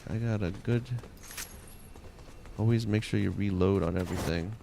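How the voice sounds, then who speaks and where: A man's voice: lowish voice, fairly even intonation, moderate pace, gravelly, background noise. A man with a Long Island accent giving casual commentary as he plays a game, chatty and muttering to himself while he loots. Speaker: game streamer.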